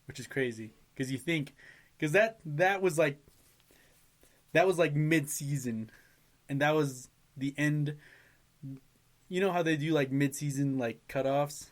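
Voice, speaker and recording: A young man with a slightly raised pitch chats casually on a podcast. He tells stories with animated energy, laughs often and swears freely. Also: a little slow, long pauses. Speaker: podcast co-host. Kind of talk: casual chat.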